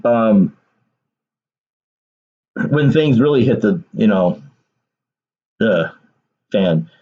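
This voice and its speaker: A man's voice: on the low side, lively intonation, very slow, phone-quality sound. A man talking through casual political commentary in a rambling way, repeating words and leaning on fillers.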